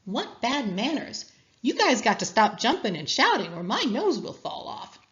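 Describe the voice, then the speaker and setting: A woman's voice: on the high side, big pitch swings, normal speed, a bit bright, lo-fi sound. A woman voicing a playful, careless female trickster coyote in a read-aloud story. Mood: fussy.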